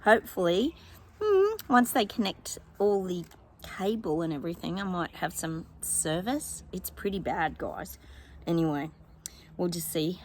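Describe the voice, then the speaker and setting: A woman's voice: fairly low pitch, animated, a little slow, a little hiss or hum, poor audio. An Australian woman vlogging outdoors in her yard, casually chatting with her viewers as a psychic, rambling and calling them "guys".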